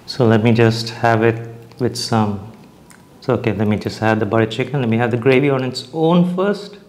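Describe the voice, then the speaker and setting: Young guy doing a food review, talks while eating, lots of restarts, mid pitch. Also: normal speed, darkish tone. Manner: chatty, eats while talking, hesitant restarts. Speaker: food vlogger.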